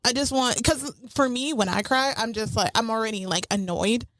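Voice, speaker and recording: A woman's voice: fairly high pitch, normal speed, a bit bright. A young adult woman co-hosting a casual podcast, talking candidly and reflectively with some hesitant fillers. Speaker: podcast co-host. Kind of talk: casual family podcast chat.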